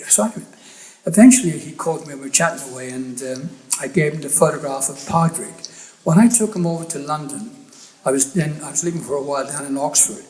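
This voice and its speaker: A man's voice: a little high, rough recording. An Irish man in his seventies, a photographer giving a festival talk, telling rambling, enthusiastic anecdotes full of restarts and asides. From Ireland. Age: 70s. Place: lecture room at a festival.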